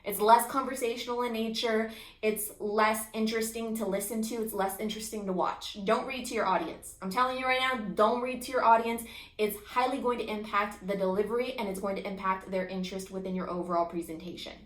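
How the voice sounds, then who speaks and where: A woman instructor giving a recorded lecture, energetic and emphatic with an expressive voice. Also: mid-range voice, fairly quick. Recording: echoey room.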